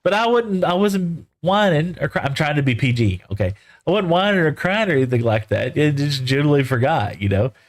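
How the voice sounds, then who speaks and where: A man's voice: a little high, animated, fairly quick. A middle-aged man from West Texas, telling a long rambling story in a folksy, casual way while streaming, full of "you know" and "right?".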